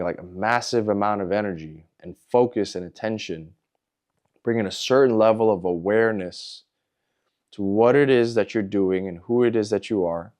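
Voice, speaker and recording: A man hosting a podcast, telling a personal story in a candid, introspective way, in short halting phrases. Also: on the low side, darkish tone. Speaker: podcast host.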